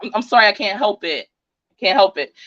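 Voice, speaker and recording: A middle-aged woman with a New Jersey accent, hosting a casual livestream in a loud, fast, passionate voice. Her voice sits at a medium pitch for a woman. The recording is dry and a little dull. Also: expressive, no echo. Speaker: true crime YouTube channel host.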